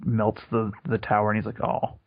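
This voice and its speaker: A young man with a lower voice riffs in a relaxed way on a comedy podcast, laughing often. His lines roll on loosely. The sound is dull and lo-fi. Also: fast. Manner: laid-back, laughs often, talks in run-on riffs. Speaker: podcast co-host. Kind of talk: casual comedic chat. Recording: dull lo-fi recording.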